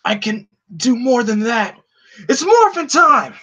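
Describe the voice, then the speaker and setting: A man's voice: high-pitched, very animated, measured pace, fairly bright tone, voice pushed up, exaggerated voice. A man voicing a stubborn, earnest young male hero, with urgent, breathless delivery. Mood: defiant.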